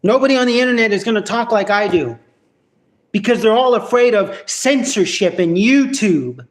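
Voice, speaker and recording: A man's voice: high voice, lively intonation, normal speed. A man ranting casually to camera in a vlog at home, profane and rambling with many restarts. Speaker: vlogger.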